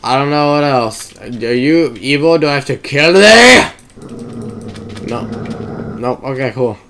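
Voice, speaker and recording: A young man rambling through casual gameplay commentary, swearing and breaking into excited shouts. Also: mid-range voice, moderate pace, a little hiss or hum. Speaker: gamer.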